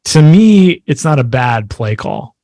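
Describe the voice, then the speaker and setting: A man's voice: mid-range voice, sing-song, slow pace, creaky, mellow, no room sound. A man in his forties chatting casually about sports, rambling with lots of fillers. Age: 40s. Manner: rambling, filler-heavy storytelling.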